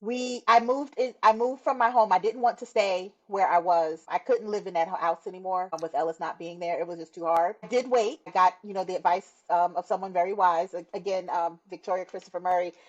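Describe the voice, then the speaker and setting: With a fairly low pitch and fairly even intonation, a middle-aged woman talks briskly and with few pauses, the highs missing from the recording. She is a guest relating her personal testimony in warm, earnest storytelling, complete with laughs and acted-out quotes.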